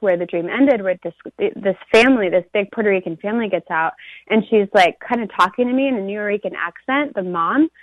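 A woman's voice: medium pitch, dry recording. Rambling woman with a dull lo-fi sound. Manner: rambling, fills speech with "like". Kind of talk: casual telling of a dream. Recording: dull lo-fi recording.

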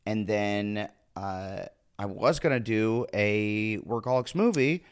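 A man's voice: fairly low pitch, slow, clear, resonant tone. A man in his thirties chatting as a podcast guest, rambling with restarts. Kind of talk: casual podcast chat.

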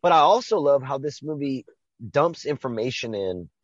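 A man's voice: medium pitch, lively intonation, normal speed, no room sound. Guy on a movie podcast, hyped and swears a lot, muffled lo-fi dry sound. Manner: enthusiastic, profane, laughs often. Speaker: podcast co-host. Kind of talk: casual movie discussion.

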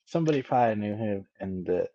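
A man's voice: on the low side, animated, quick pace, mellow. A man co-hosting a casual movie review chat, hesitant and laid-back, laughing often. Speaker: podcast co-host. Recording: dull lo-fi sound.

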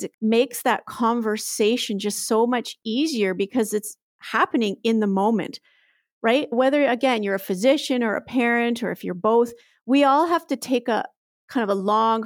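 A woman's voice: on the high side, no room sound, studio quality. A woman, explaining earnestly in a podcast interview, often tagging lines with "right?". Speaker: guest expert.

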